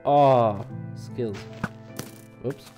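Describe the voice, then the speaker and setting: A man talks through his gameplay in a slow, unhurried way. He rambles and hesitates, filling gaps with ums and uhs. Faint game music plays behind him. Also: mid-range voice, mellow, lo-fi sound. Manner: hesitant, rambling, many fillers. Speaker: let's play host. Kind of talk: casual gameplay commentary.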